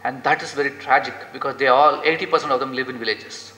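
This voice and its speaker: A man's voice: medium pitch, steady tone, fast talker, sharp tone. A man giving an earnest, impassioned lecture in an echoey lecture hall. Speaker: guest lecturer. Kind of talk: inspirational lecture.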